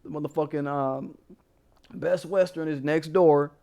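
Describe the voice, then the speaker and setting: A man hosting a casual commentary show, telling a story in a profane, animated way and laughing as he goes. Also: on the high side, measured pace.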